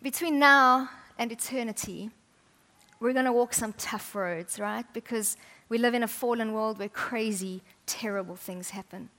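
A woman preaching a sermon, chatty and humorous, often dropping to soft, intimate tones. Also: fairly high pitch, normal speed.

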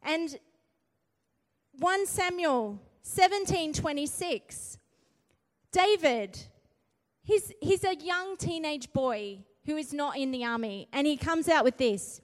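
A woman's voice: high voice, expressive, slow pace. A woman preaching a sermon earnestly, driving points home with rising emphasis and frequent "right?" tags. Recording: long hall reverb.

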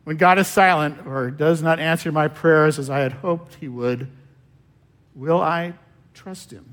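A male pastor delivering a sermon with a slightly higher voice. He speaks slowly and deliberately, pausing often and letting his phrase endings fall away quietly. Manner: slow, measured preaching with long pauses and trailing-off endings.

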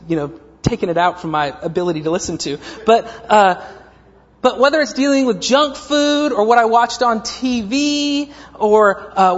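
A man's voice: very high-pitched, fairly bright tone. A man in his thirties preaching a sermon, telling a story with humorous, self-mocking asides. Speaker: pastor. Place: church sanctuary. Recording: echoey dull lo-fi church recording.

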